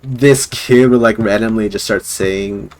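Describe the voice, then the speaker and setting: A man's voice: on the low side, steady tone, unhurried, slight background noise. A man streaming live, rambling casually with lots of fillers and chuckles.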